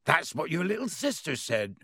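A man voicing a huge, friendly male groundskeeper with a hearty, rough manner. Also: fairly high pitch, wildly swooping pitch, moderate pace, sharp tone, dry recording, clean studio sound, voice pushed up, exaggerated voice. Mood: teasing.

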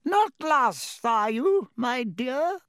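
A man voicing a leering aged witch in an audiobook, high and wheedling. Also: very animated, drawn-out words, a bit bright, clear, resonant tone, dry recording, studio quality, full character voice.

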